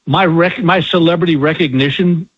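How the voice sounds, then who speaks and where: A man's voice: a little high, moderate pace, slightly rough, no room sound, lo-fi sound. An older man, a comedian guest, telling folksy, laughing anecdotes in a casual interview.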